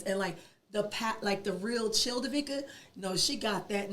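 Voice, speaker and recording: A woman, a podcast guest telling a personal story in an animated, emphatic way. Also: medium pitch, normal speed. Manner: animated, emphatic, acts out quoted dialogue.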